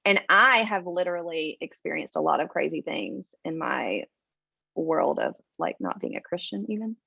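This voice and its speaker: A woman's voice: low-pitched, big pitch swings, normal speed, creaky, husky, no room sound, dull audio. A woman sharing her personal story on a video call in a casual, chatty way, with lots of "like" and "um.". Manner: chatty, full of "like" and "um".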